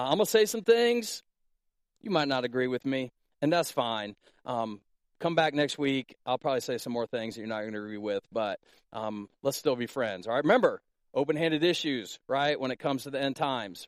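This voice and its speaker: A man preaching a sermon as pastor in Iowa, in a casual, joking way with animated stories. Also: mid-range voice, normal speed, dry recording, studio quality. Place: church in Iowa.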